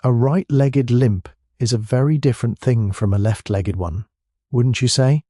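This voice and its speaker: A man doing a sly, drawling Highland policeman. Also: normal speed, no echo, studio quality, lightly acted. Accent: Scottish Highland. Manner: soft, drawling, syrupy. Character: sly, mild-mannered Highland village policeman.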